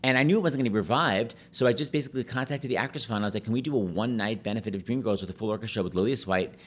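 A middle-aged man chatting casually, telling animated stories and jumping into high voices when he quotes people. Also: husky. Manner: talks fast, breaks into high put-on voices when quoting people. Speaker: podcast guest, pianist and Broadway host. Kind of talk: casual chat, animated storytelling.

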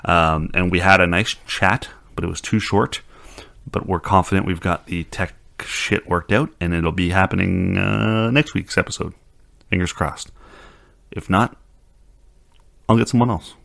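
Here's a man with a low, gravelly, slightly bright voice who takes a measured pace. He hosts a podcast, drifting through easygoing banter and a sign-off with casual cursing, captured on a studio mic with headphones on.

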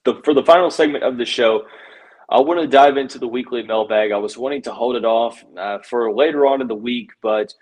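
A man's voice: mid-range voice, a little fast, darkish tone, rough recording. A man hosting a sports podcast, breaking down a basketball game casually with many fillers and self-corrections.

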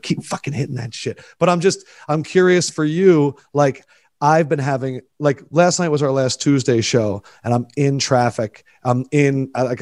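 A man's voice: mid-range voice, no echo. A man hosting a podcast in casual chat, swearing freely and getting emotional as he tells stories, close to tears. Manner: emotional, swears a lot, animated storytelling. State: teary, close to crying. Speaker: podcast host.

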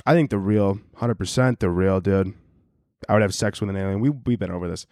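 A man's voice: deep voice, fairly quick, darkish tone, no echo, clean studio sound. Rambling man on a comedy podcast. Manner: rambling, heavy on filler, acts out bits in quoted voices. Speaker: podcast host. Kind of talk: casual comedic monologue.

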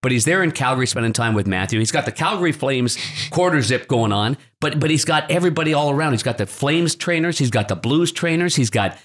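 A man who is a former goalie and now a broadcaster, a podcast guest telling long anecdotes in a relaxed studio chat, often restarting his sentences. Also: mid-range voice, quick pace, few pauses. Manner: rambling anecdotes with frequent restarts. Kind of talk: casual storytelling chat.

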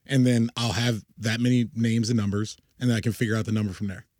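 A young man co-hosting a podcast in casual chat, rambling and excitable, laughing often. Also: fairly low pitch, fast, dry recording, clean studio sound. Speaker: podcast co-host.

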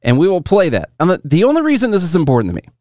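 A man's voice: high voice, huge pitch swings, racing, warm tone, no room sound, clean studio sound. A man hosting a casual commentary show, musing aloud and hedging as he talks to his viewers and answers chat. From United States.

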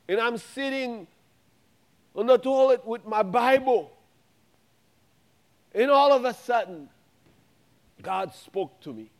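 High-voiced preaching man, emphatic. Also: expressive, slow, pauses often. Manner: emphatic preaching with repetitions and rising exclamations. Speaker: pastor. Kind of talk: sermon. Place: church sanctuary.

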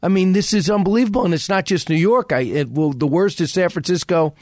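Fast, emphatic high-voiced male pundit. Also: a little mellow, no echo, clean studio sound. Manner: rapid, emphatic, frequent restarts. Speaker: radio host as guest. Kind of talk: political talk radio conversation.

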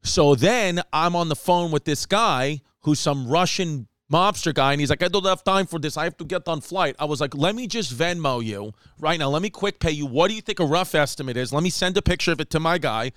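A comedian tells a casual, rambling story in a fast, animated way, acting out quotes and tossing in Spanish asides. His voice is on the high side, smooth and clear. The recording is close and dry, with no room sound.

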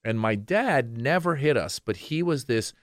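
A man in his forties from Iran, a comedian guest telling animated stories in a casual interview. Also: mid-range voice, a little slow, no room sound, studio quality. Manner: animated, acts out voices in anecdotes.

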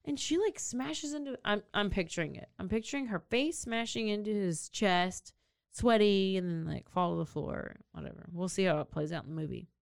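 A woman's voice: mid-range voice, moderate pace, creaky, clear, resonant tone, no echo, studio quality. A woman co-hosting a podcast, telling a true-crime story casually and acting out the people in it. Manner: animated, acts out characters with big swings in voice. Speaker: podcast co-host.

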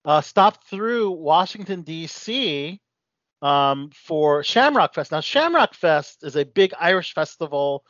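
A man's voice: on the high side, animated, slow, a bit bright, dry recording, dull audio. A man hosting a casual radio talk show, rambling with lots of fillers.

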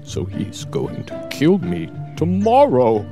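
A man's voice: fairly high pitch, wildly swooping pitch, slow, vocal fry, music in the background, pitched above the performer's own voice, exaggerated voice. A man voicing a gloomy old male dog in a told storybook tale, with a mournful, slightly altered voice.

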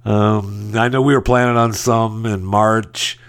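A man with a low, gravelly voice hosts a podcast and talks through the news in casual, opinionated commentary. He sounds sarcastic and keeps restarting his sentences. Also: little pitch movement, measured pace. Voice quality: deep gravelly voice. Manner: sarcastic, mocking asides with rambling restarts. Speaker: podcast host.

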